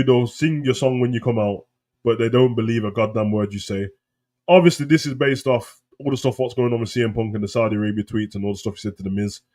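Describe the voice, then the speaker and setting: A young man giving casual, mocking live reaction commentary, swearing often and quoting lines in put-on high voices. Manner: mocking, profane, jumps into high mimicking voices. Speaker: wrestling reaction host.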